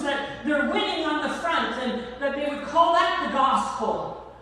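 Slow-preaching woman pastor in an echoey hall. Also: sits high, fairly bright tone. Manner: slow, emphatic preaching with drawn-out endings. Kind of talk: sermon. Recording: echoey church hall from far off.

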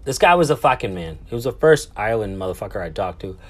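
A man's voice: fairly low pitch, big pitch swings, fast talker, slight background noise. A man in his thirties casually telling a travel story, rambling and swearing, with lots of fillers and restarts.

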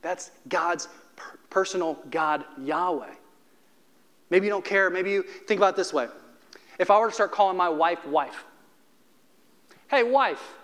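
A man preaching a sermon as a pastor, conversational and humorous, slowing down to stress key phrases. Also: high voice, fairly bright tone.

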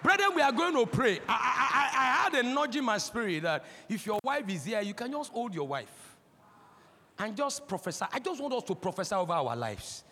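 A man in his forties with a Nigerian accent, preaching a sermon as a pastor, impassioned and breaking into shouts. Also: very high-pitched, sing-song, brisk, slight background noise. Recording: long hall reverb.

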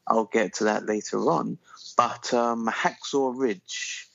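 A man's voice: medium pitch, fairly even intonation, slow pace, gravelly, sharp tone, no room sound, muffled recording. A man co-hosting a podcast in casual chat, enthusiastic and rambling, with lots of fillers. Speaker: podcast co-host.

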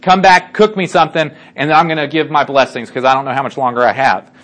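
Guy doing old blind dad near the end, bossy, loud, kinda higher voice. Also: steady tone, fast talker, close to an everyday voice. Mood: demanding. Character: old nearly blind father, dying, eager.

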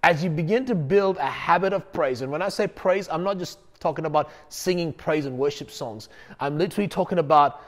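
A man's voice: on the high side, fairly quick. A male pastor preaching a sermon in an emphatic, conversational way, repeating key phrases.

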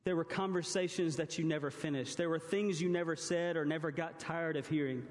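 A man's voice: fairly high pitch, fairly even intonation, fairly quick, big-room sound. A young man preaching a sermon to a congregation, telling stories and acting out his daughter's and his own words. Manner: storytelling, mimics his baby daughter and himself. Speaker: pastor.

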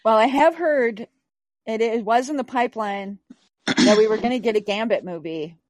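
A woman's voice: fairly high pitch, normal speed, dry recording. Blunt, emphatic woman podcast host. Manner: blunt, emphatic, swears freely. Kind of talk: casual chat.

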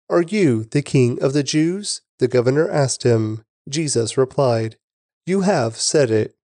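A man giving a measured, steady scripted reading of scripture. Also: mid-range voice, dry recording, clean studio sound. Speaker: Bible reader.

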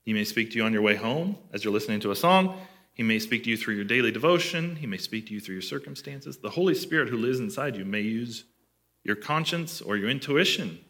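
Bright-voiced man preaching a sermon. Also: mid-range voice, animated, brisk. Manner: conversational preaching, asks listeners questions. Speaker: pastor.

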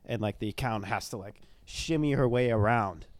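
A man's voice: fairly low pitch, a little fast, dry recording. A young man telling a ghost story in casual podcast chat, rambling, with lots of fillers. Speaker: storyteller, former tour guide.

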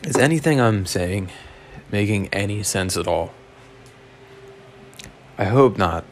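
A man with a lowish voice tells a story the way a podcast host does. He wanders off on tangents, swears freely and makes fun of himself. It sounds loose and unscripted. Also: lively intonation, takes it slowly, a little hiss or hum. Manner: rambling, profane, self-mocking. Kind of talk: casual storytelling monologue.

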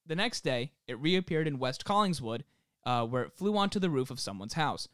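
A man's voice: mid-range voice, very animated, normal speed, fairly bright tone, clean tone, dry recording, studio quality. A young man co-hosting a podcast from home, reading a story from notes with jokey asides. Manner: reads steadily, breaks into laughing jokes. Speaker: podcast co-host presenting the story. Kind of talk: reading researched notes with banter. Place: home, self-isolating.

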